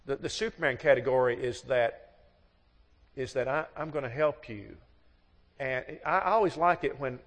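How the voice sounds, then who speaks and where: A man's voice: medium pitch, moderate pace, pauses often. A middle-aged man preaching a sermon on marriage in a folksy, storytelling way, acting out both sides of the dialogues. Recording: long hall reverb.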